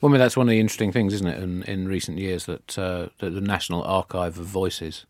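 A man guesting on a comedy news podcast, telling absurd made-up stories in a deadpan, rambling way. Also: sits low, fast, no room sound. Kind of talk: deadpan satirical comedy chat.

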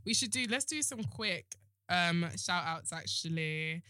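A woman's voice: fairly low pitch, lively intonation, pushed and bright, no echo, clean studio sound. A young woman, co-hosting a podcast in frank, playful casual chat. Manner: frank, playful, quick banter. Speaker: podcast co-host.

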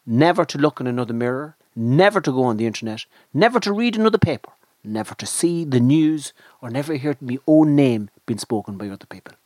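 A man's voice: mid-range voice, expressive, fairly quick, hardly any pauses, darkish tone, no echo. A man, telling rambling, self-deprecating stories in casual chat on a podcast. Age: 50s. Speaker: podcast co-host.

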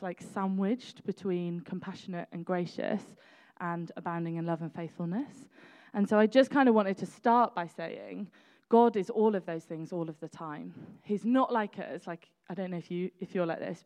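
A woman's voice: fairly low pitch, normal speed, mellow. Chatty woman preaching with laughing asides. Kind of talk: sermon.

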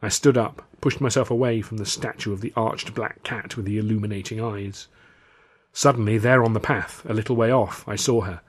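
A man narrating his own novel in the first person, with wry, animated reading. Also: fairly low pitch, breathy edge. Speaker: author and reader.

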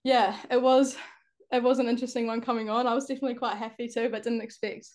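A woman with a New Zealand accent talks as a guest about her football team, slightly higher-pitched than most women. She laughs a lot and strings thoughts together with "like". Relaxed, chatty and easygoing. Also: quick pace. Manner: laughs often, heavy use of "like". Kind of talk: casual interview chat.

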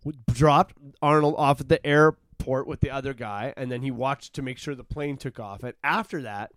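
A man in his forties co-hosting a casual comedy podcast, riffing excitedly with swearing. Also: mid-range voice, moderate pace, no echo. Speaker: podcast co-host.

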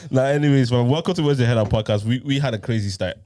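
A man's voice: medium pitch, fast, background noise. A young man hosting a casual podcast chat, joking around with loose slang and laughing often. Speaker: podcast host.

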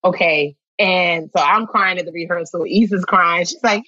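A woman guest in an interview, telling stories in a lively way, acting out what people said and laughing often. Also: lowish voice, normal speed, few pauses, dry recording, lo-fi sound. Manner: animated storytelling, acts out quotes, laughs often. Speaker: actress guest. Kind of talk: casual interview chat.

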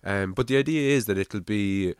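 A man's voice: on the low side, normal speed, smooth, dry recording, studio quality. A man from Ireland with a Navan accent, hosting a podcast in casual, rambling chat and swearing freely. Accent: Navan, Irish. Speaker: podcast host.

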